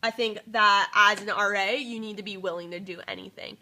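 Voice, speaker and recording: A woman's voice: mid-range voice, fairly even intonation, brisk, bright, forceful tone. A young woman, a student, talking casually to camera in an application video, earnest and upbeat with frequent fillers. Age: young adult. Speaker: student applying to be a resident assistant.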